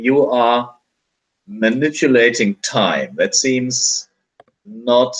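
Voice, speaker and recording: A man's voice: medium pitch, rough recording. A man running a tabletop game as game master, speaking hesitantly with many fillers and restarts.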